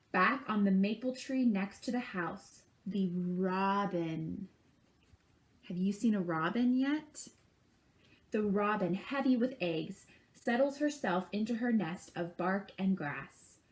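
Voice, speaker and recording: A woman reading a picture book aloud to children at a library, stopping to chat and imitate bird calls with them. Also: medium pitch. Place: library program.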